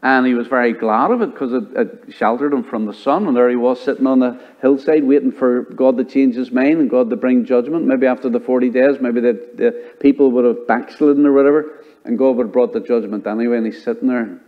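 A pastor preaching a sermon, telling stories and acting out the dialogue in them. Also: male voice, medium pitch, fairly quick, narrow, tinny audio. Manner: storytelling preacher who acts out dialogue. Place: church.

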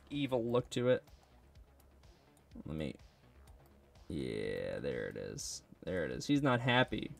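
A man who makes 3D sculpting videos rambles and jokes to himself casually while sculpting a model. He speaks in a mid-range voice with vocal fry.

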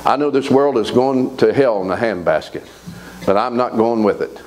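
A man preaching a sermon in a church, folksy and animated, asking the congregation to answer back. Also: medium pitch, normal speed, poor audio. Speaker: pastor. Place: church sanctuary.

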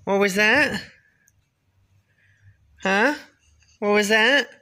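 A father in a casual home video, gently coaxing his baby to talk with sing-song questions. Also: sits high, drawn-out words, background noise.

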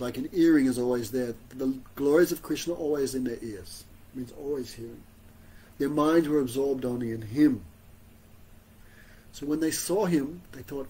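A man giving an informal religious class, conversational and gently humorous, often asking his listeners "you know?". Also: on the high side, slightly rough, poor audio. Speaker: spiritual teacher giving a class.

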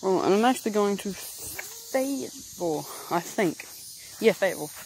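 A young man with a light Southern US accent rambles through a casual home vlog shot on a handheld camera, peppering his talk with "like." His voice sits high and expressive with a darkish tone, moving at a normal speed. The home video is noisy.

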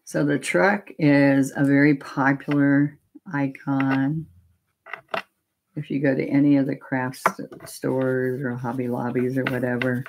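A woman's voice: rumbling low, level tone, unhurried, noisy background. A woman demonstrating a painting technique live, explaining each step in a chatty, step-by-step way. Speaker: painting instructor.

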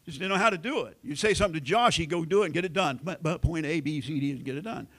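A middle-aged American pastor preaching a sermon in a folksy storytelling way, acting out family conversations. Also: male voice, a little high, quick pace, a bit bright. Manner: folksy storytelling, acts out quoted family lines.

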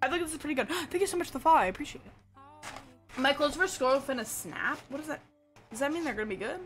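Giggly high-voiced young woman streamer. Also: fast. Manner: bubbly, giggly, breaks into excited shouts. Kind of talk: live gaming stream chat. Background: game music.

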